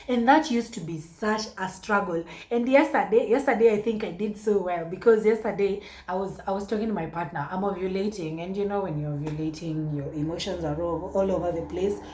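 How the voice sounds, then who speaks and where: A woman's voice: fairly low pitch, darkish tone, echoey room, poor audio. A woman with a Kenyan accent talking through a casual vlog, chatty and exclamatory, slipping between English and Swahili. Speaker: vlogger.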